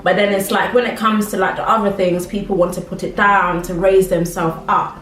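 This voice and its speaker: A woman's voice: medium pitch, steady tone, fairly quick, a bit bright, distant mic. A young British-born woman chatting casually to camera while eating, laughing often. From Britain. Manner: chatty, laughs a lot, eats while talking. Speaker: vlogger. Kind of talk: casual mukbang chat to camera. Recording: echoey room with faint music.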